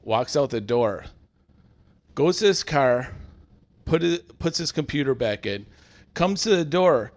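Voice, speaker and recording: A man with a somewhat low voice tells a workplace story in a relaxed podcast chat. He acts out what people said, getting loud for the quotes. He sounds to be in his thirties. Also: moderate pace. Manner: animated storyteller acting out quotes. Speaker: podcast co-host telling a work story.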